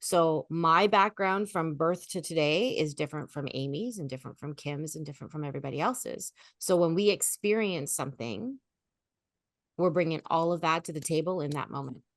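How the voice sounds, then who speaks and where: A woman grief coach giving animated, expressive advice in a podcast conversation. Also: sits low, normal speed, no echo, studio quality. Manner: animated, expressive, lively storytelling.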